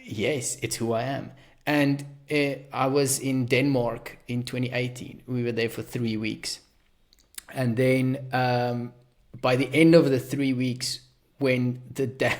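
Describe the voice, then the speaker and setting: A man with a South African accent hosting a podcast, talking in a rambling, self-deprecating way with many restarts. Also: medium pitch. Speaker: podcast host. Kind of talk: casual podcast conversation.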